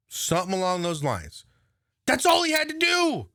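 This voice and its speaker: A man's voice: sits high, huge pitch swings, moderate pace, bright, forceful tone, no echo, clean studio sound. A man ranting casually about politics, profane and sarcastic. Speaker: political commentator.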